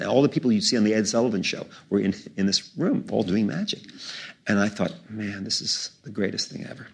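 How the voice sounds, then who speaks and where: A man in his sixties tells animated stories onstage. His voice is low and gravelly with a husky edge. He talks in quick bursts full of restarts. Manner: animated storytelling with laughs and restarts. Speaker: magician in onstage conversation. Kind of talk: storytelling conversation. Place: stage before a live audience.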